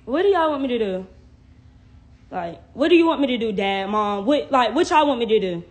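A woman's voice: fairly high pitch, animated, brisk. A young woman venting on a phone live stream, confrontational and heavily profane, peppering everything with "like". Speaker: livestreamer.

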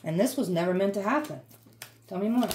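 A woman's voice: medium pitch, a little fast, a little mellow. A woman giving an emphatic, repetitive, fired-up tarot reading. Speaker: tarot reader.

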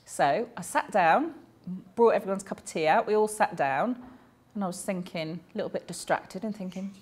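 A woman's voice: mid-range voice, expressive, moderate pace, a little mellow, breathy edge. A woman, voicing a deaf speaker's personal stories aloud in a chatty, anecdotal way, with small self-corrections along the way.

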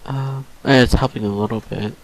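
A man's voice: mid-range voice, steady tone, normal speed, slight background noise. A tired young man talking to himself casually as he plays a survival game, with sighs and nervous little laughs. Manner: mumbled self-talk with sighs and nervous laughs. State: tired, drained late at night. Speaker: gaming channel host. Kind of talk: casual let's-play commentary.

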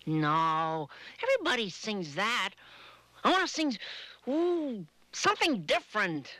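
A woman's voice: medium pitch, very animated, a little slow, bright, forceful tone, no echo, heavily acted. A woman playing a shy caller who is stuck for words, stammering and hesitant, in a 1970s TV sketch. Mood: flustered.

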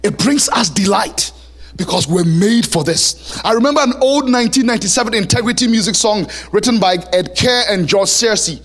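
A male pastor preaching a sermon in a church, animated and lively, now and then singing a line. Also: high voice, a little fast. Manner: animated preaching, sings song lyrics and plays voices.

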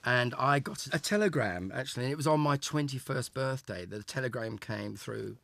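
A man's voice: medium pitch, lively intonation, a little fast, gravelly, fairly bright tone, dry recording. An older man from England, a guest in a casual interview, reminiscing in a chatty way with many restarts. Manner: chatty, repeats and restarts words. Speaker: interview guest, former child show actor.

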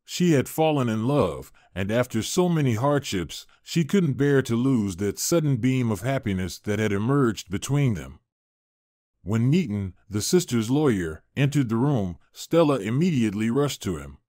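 A man narrating a scripted drama story with an expressive delivery. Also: mid-range voice, normal speed, dry recording, studio quality.

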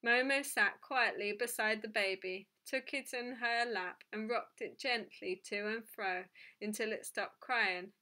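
Bright-voiced woman reading a storybook. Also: on the high side. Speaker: storybook reader. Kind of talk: reading a children's novel aloud.

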